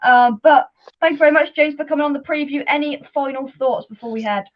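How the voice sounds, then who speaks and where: A woman with a high voice hosts a casual live fan show, chatting along with plenty of ums and restarts. The stream audio sounds dull and lo-fi. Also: brisk. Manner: chatty, hesitant with many ums. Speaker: fan channel host.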